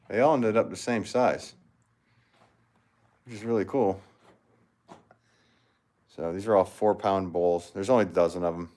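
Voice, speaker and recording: Laid-back potter, very low voice, rambling livestream chat with viewers. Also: male voice, darkish tone. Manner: rambling, easygoing, greets viewers by name.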